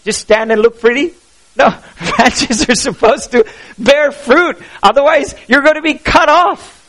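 Male pastor, high voice, sermon, animated, rhetorical questions. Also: poor audio. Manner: animated, asks the congregation questions.

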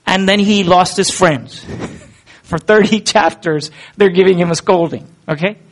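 A man's voice: high-pitched, unhurried. A man preaching a sermon in an earnest, conversational way, asking the listeners rhetorical questions.

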